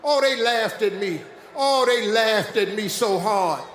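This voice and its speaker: An older American man giving a live motivational speech in a large dome, animated, preachy and joking with the audience. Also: sits high, unhurried. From West Virginia, USA. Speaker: motivational speaker. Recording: echoey dome, faint crowd noise.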